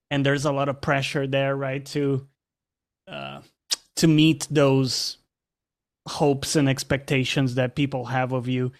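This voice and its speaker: A man talks openly as a guest in a relaxed conversation. He speaks reflectively and hesitantly, restarting his phrases and leaning on filler words, at an ordinary middle pitch. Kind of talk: casual chat.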